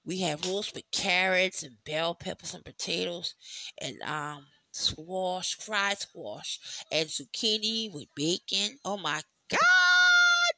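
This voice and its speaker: A chatty solo podcast host with a bright, forward tone and a mid-range voice, recorded close and dry with no room sound. They tell loose stories, swear freely and laugh along the way. The talk wanders through plenty of "you know"s. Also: mid-range voice, slow, no room sound. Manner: talks in rambling asides with many "you know"s. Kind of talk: casual solo podcast chat.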